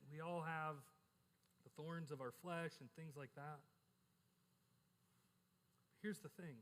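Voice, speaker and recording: A man's voice: fairly high pitch, fairly bright tone. A middle-aged male pastor preaching a sermon in a candid, conversational way, often repeating words as he starts a sentence. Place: church. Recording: echoey church hall.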